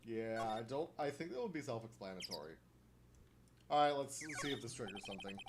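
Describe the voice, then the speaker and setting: A man's voice: mid-range voice, very animated, fairly quick, noisy background. A man streaming a game, chatting casually, muttering reactions and reading text aloud. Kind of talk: casual game let's play.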